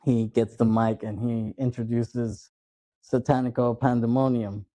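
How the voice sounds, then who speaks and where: Mellow man animatedly retelling movie scenes. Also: medium pitch, measured pace, no room sound, low-quality recording. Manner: animated retelling, acts out quoted lines, laughs often. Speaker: podcast host. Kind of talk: casual movie podcast chat.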